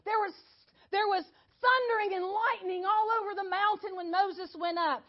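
A woman teaching a sermon, telling the story with animated rhetorical questions. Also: extremely high pitch, normal speed, highs cut off. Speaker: Bible teacher.

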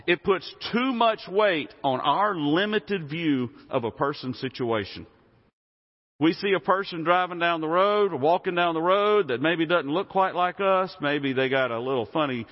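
A man preaching a sermon in a conversational way, often asking the congregation questions. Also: on the high side. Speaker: pastor. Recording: muffled sound with long hall reverb.

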